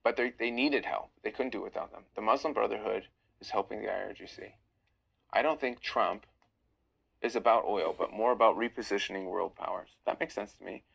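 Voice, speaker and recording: A man's voice: on the low side, a little fast, gravelly, a bit bright, breathy edge, rough recording. A tired man hosting a casual livestream, reading viewer questions aloud and answering them. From Iranian-American. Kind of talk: casual live chat. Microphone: phone livestream.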